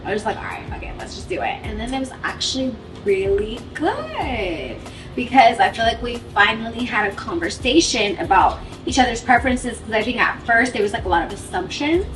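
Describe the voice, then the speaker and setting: A woman's voice: a little high, expressive, normal speed, music in the background. A woman telling a casual story, chatty and cutting in, acting out what each person said. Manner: chatty, quotes dialogue, cuts in. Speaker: vlogger telling couple story. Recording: roomy sound from a distance.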